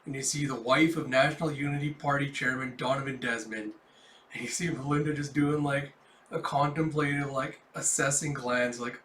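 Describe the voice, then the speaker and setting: A man hosting a casual manga reading and reaction, animated and laughing often. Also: medium pitch, normal speed, a little hiss or hum. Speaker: host. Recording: roomy, mic at a distance.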